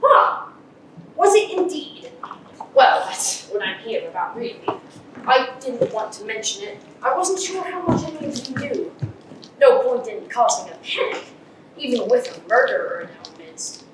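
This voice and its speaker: On a school stage, a woman plays a pompous, bumbling male police inspector in a live play, declaiming grandly and theatrically. Her voice sits on the high side, very animated, at a measured pace. A distant room mic catches the echoey hall from far off, with faint hiss.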